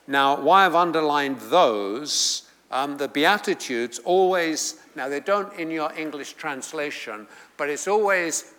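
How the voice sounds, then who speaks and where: A middle-aged male preacher teaches slowly and deliberately, pausing on fillers and restarting his thoughts. His voice is bright and clear, lifting with emphasis whenever he quotes scripture. The sound carries a long reverb from a large hall. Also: on the high side, animated. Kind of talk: sermon teaching.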